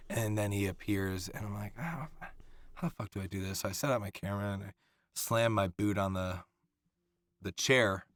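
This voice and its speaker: A man on a podcast tells set stories with lively, swearing energy, slipping into the voices of the people he quotes. His voice sits on the low side. The sound is close and dry, with no room around it. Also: no echo. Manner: animated, profane, acts out quoted voices. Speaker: guest actor. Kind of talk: casual storytelling.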